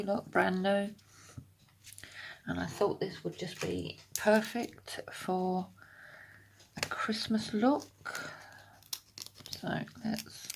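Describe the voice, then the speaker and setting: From her desk at home, a nail art vlogger walks viewers through a casual step-by-step tutorial, chatty and explaining as she goes, at times slipping into half-whispers. Her mid-range voice is creaky, with a slight hiss or hum in the audio.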